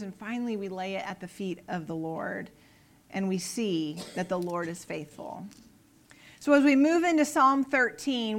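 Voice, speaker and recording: A woman's voice: medium pitch, fairly bright tone. A woman giving an earnest Bible teaching on the Psalms, emphatic and fond of repeating her phrases.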